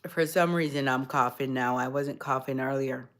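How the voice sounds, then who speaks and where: A woman's voice: rumbling low, steady tone, normal speed, a bit bright. A woman, born in Jamaica and raised in the United States, hosting a casual live chat and talking straight to her viewers by name. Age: adult mother. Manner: chatty, talks straight to viewers by name, restarts words. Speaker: livestream host chatting with viewers.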